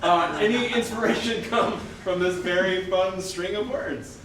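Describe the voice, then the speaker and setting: Man, improv host, halting with fillers, slightly high voice, very echoey, far from mic. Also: background noise. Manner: halting, many fillers and restarts. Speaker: improv show host and performer. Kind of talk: live improv comedy.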